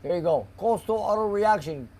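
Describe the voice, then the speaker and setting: A man's voice: high-pitched, expressive, normal speed, warm tone. Chatty man reading viewer comments. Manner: chatty, reads viewer comments aloud, drifts into Greek. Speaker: host reading live chat. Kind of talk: casual live-stream chat. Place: car garage shop.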